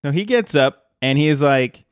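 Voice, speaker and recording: A man's voice: fairly high pitch, expressive, normal speed, smooth, no room sound, clean studio sound. A man co-hosting a podcast, chatting casually about a cartoon episode, enthusiastic and often laughing. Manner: enthusiastic, laughs often, quotes lines with a grin. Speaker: podcast co-host.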